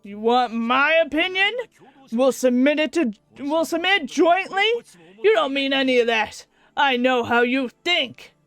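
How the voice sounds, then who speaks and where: A woman reading the lines of a guarded, sharp young woman scientist in a visual novel, in her own voice. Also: high-pitched, lively intonation, unhurried, no room sound, faint music behind, exaggerated voice. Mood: firm.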